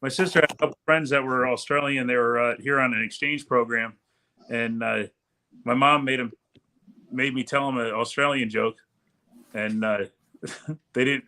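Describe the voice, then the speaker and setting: A man's voice: mid-range voice, steady tone, normal speed, pauses often, bright, forceful tone. A man in casual chat, playfully telling a story and a joke.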